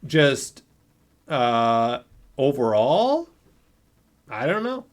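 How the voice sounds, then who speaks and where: A man's voice: medium pitch, very animated, extremely slow. A man co-hosting a podcast in casual chat, hesitant and full of filler sounds. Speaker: podcast co-host.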